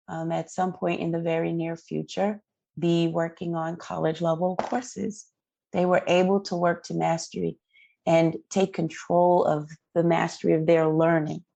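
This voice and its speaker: A woman's voice: lowish voice, vocal fry, mellow, no room sound. A woman guest in an interview, telling a personal story in an earnest, emotional way. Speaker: guest parent advocate.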